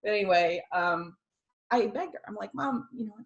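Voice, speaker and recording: A woman's voice: mid-range voice, expressive, normal speed, muffled recording. A middle-aged woman, a former nurse, tells an emotional personal story. She laughs through tears and quotes the people in it as dialogue. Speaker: guest sharing a personal testimony.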